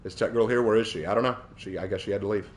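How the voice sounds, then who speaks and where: A man's voice: lowish voice, steady tone, rapid-fire, slight background noise. A man from the Southern United States streaming a game, chatting casually with viewers and answering their messages, often repeating and restarting his words. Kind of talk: casual live-stream chat while gaming.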